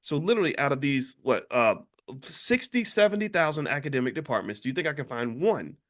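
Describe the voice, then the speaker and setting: A man's voice: fairly high pitch, animated, brisk, a bit bright. A man hosting a podcast who delivers a fiery, preachy monologue packed with rhetorical questions. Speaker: podcast host and finance professor.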